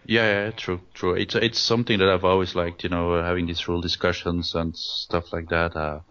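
Very deep, flat-voiced man, hesitant. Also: a little fast. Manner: hesitant, many restarts and fillers. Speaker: guest, tournament rules writer. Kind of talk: casual interview over a call. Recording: dull lo-fi audio.

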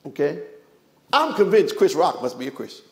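A man's voice: on the high side, very animated, moderate pace, creaky, darkish tone, a little hiss or hum. A man preaching a sermon as pastor, emphatic, firing off rhetorical questions and dropping joking asides.

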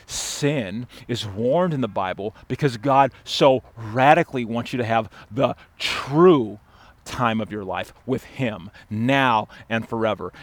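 A man delivers a sermon with fervent, repetitive emphasis, calling his congregation to lean in. His pitch sits in the middle range, and his voice surges loud, then sinks to hushed asides. The sound is close and dry, with little room echo. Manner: impassioned, swinging between loud urging and hushed asides; repetitive, emphatic phrasing addressing the congregation directly. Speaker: pastor.

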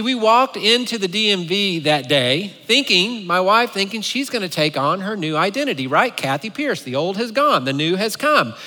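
A male pastor delivers a sermon with playful, animated storytelling. His voice is high and bright and forceful. It rings through a church sanctuary with a long hall echo.

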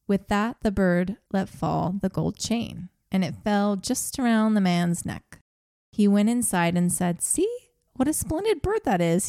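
This is a woman reading an old fairy tale aloud on a podcast, slipping into small voices for the characters. Her voice is low in brightness and mellow, with a gravelly fry. The sound is close and dry, with no room around it. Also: no echo. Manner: reads the story aloud with brief acted quotes and frequent laughter. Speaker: podcast co-host.

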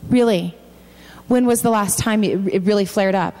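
A woman's voice: moderate pace, warm tone, in a large hall. A woman giving a sermon at a church, reading scripture aloud and voicing the people in it. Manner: reads scripture aloud, acting out quoted voices with rising pitch. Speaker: speaker at a church. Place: large church hall.

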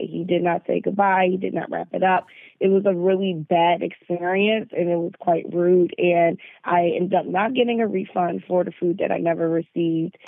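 A woman on a phone call, calmly and in detail describing a bad customer service experience. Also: lowish voice, gravelly, no room sound. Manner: measured, detailed, aggrieved. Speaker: caller. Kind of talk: phone complaint. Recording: tinny phone line.

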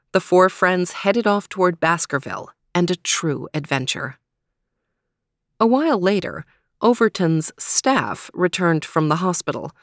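A woman narrating a children's storybook in a measured reading voice. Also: lowish voice, no room sound, studio quality. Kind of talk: storybook read-aloud.

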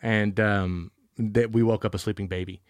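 A young man co-hosting a podcast in a small studio, telling animated stories in casual chat and acting out the dialogue. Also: fairly low pitch, normal speed, dry recording. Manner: animated storyteller, acts out quoted dialogue. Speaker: podcast co-host.

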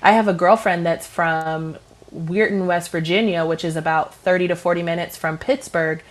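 A woman co-hosting a radio talk show, chatting casually with many fillers and quick asides. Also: lowish voice, steady tone. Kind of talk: casual chat.

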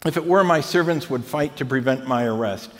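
A man preaching a sermon as pastor, animated, often checking in with the congregation by asking "right?". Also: mid-range voice, fairly quick, long reverb tail.

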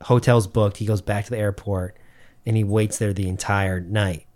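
A man's voice: lowish voice, steady tone, normal speed, a little mellow. Profane storytelling young man. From Massachusetts. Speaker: podcast co-host. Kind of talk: casual podcast chat.

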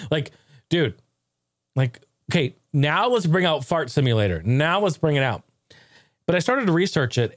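A man's voice: medium pitch, no echo, studio quality. A man hosting a casual tech talk show, swearing freely, laughing often and rambling animatedly.

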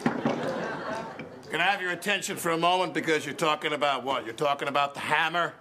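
Winter's Breath, a brutal elf boss. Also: male voice, on the high side, moderate pace, sharp tone. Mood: berating. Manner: barking, insulting tirade. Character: ruthless male elf sales boss from head office. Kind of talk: sketch comedy acting. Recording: played clip with clear background noise.

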